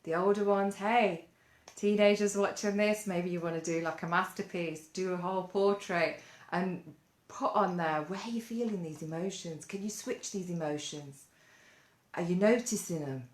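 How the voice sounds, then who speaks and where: A woman leading a gentle mindfulness lesson for children, coaxing them along with lots of playful questions. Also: fairly low pitch, moderate pace. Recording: roomy echo.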